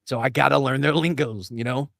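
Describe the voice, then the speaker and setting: A man co-hosting a comedy show, bantering in character with a crude, deadpan, rambling manner. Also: mid-range voice, a little fast, vocal fry, dry recording, clean studio sound.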